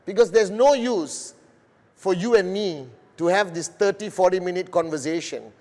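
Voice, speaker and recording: A middle-aged man from Malaysia delivers a sales presentation for a global broadcast. He speaks slowly and deliberately, in a fairly high voice. A long reverb trails after his words, as if in a large hall. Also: a little mellow. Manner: slow, deliberate, addressing a global audience. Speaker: business presenter.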